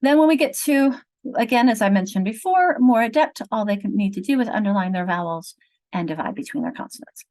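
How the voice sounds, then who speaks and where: A middle-aged woman with a slightly high voice explains phonics steps in a clear, patient teacherly way. She speaks over a video call to a small group of trainees. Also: lively intonation, brisk, a little mellow, rough recording. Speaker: literacy trainer. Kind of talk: online teacher training lesson.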